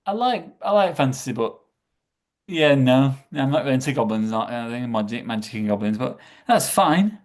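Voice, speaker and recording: A man's voice: medium pitch, expressive. A man chatting casually as a podcast guest, stumbling over his words and repeating himself as he goes. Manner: halting, repeats words, trails off.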